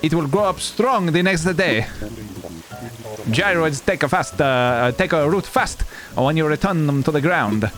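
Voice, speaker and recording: An easygoing pigeon cafe owner, as a man puts him on with a thick put-on Italian accent and a lively, swinging delivery. Game music carries on behind. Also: a little high, unhurried. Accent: Italian-ish put-on accent. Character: laid-back male pigeon cafe owner.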